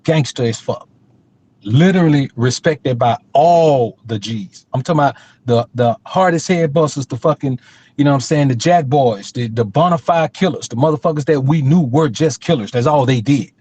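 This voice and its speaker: A man's voice: mid-range voice, normal speed, a little mellow, slightly rough. A middle-aged man telling a street story in a casual, profane, emphatic way as a podcast co-host.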